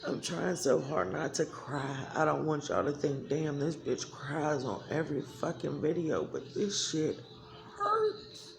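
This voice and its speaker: A woman's voice: sits low, fairly even intonation, unhurried, vocal fry, few pauses, a little hiss or hum. A woman talking candidly to her viewers in a blunt, emotional way, swearing freely. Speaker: vlogger. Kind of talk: candid talk to camera.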